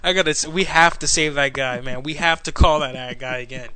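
A man's voice: on the high side, fairly quick, a crowd in the background. A man hosting a prank call show, laughing often and talking crudely between calls. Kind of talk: crude casual banter.

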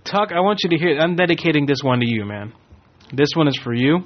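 A man's voice: fairly high pitch, expressive, quick pace. A male radio host in a goofy mood, teasing his guest. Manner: playful, teasing. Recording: dull lo-fi radio audio.

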